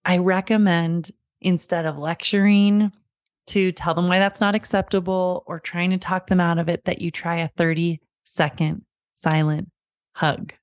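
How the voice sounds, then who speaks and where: A woman's voice: fairly low pitch, steady tone, unhurried, dry recording, studio quality. A woman in her thirties, a parenting coach hosting a podcast, telling a family story and giving earnest advice.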